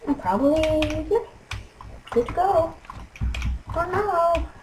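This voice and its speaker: A young woman commentating her own gameplay, frustrated and trash-talking, with excitable outbursts. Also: very high voice, slow, background noise. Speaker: gaming commentator.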